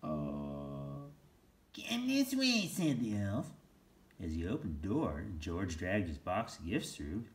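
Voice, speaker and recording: A man reading a children's picture book aloud as storyteller, slow and lively, laughing now and then. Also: low-pitched.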